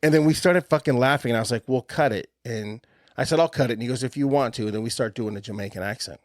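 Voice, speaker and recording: A man co-hosts a podcast and tells his stories with lots of swearing and laughter. His voice sits at an average pitch. It is recorded close on a mic, very dry, with no room sound. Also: fast, no room sound. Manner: profane, animated storytelling with frequent laughter. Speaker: podcast co-host. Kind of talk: casual chat.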